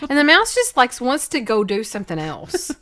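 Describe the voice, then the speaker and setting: Brief: chatty woman co-host, bright tone, bouncy lively delivery. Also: a little high, moderate pace. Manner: chatty, reacts and jokes about the story. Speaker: podcast co-host. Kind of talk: casual chat.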